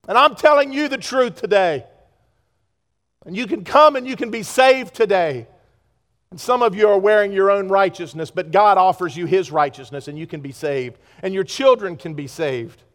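A pastor preaching a sermon to his congregation, with pleas that swing from loud urgency to hushed earnestness. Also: sits high, big-room sound. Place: church sanctuary.

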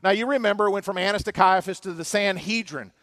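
A man delivers a sermon to his congregation in a noticeably high voice. He swings from loud emphasis down to hushed passages. The sound is close and dry, with no room echo. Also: quick pace. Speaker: pastor. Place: church.

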